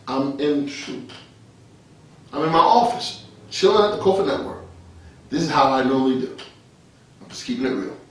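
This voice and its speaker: High-voiced man preaching in an echoey room. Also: distant mic. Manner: colloquial, street-talking, chuckling, frequent restarts. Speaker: preacher and radio host. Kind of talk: informal online radio sermon. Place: his office. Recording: very echoey room, speaker off-mic.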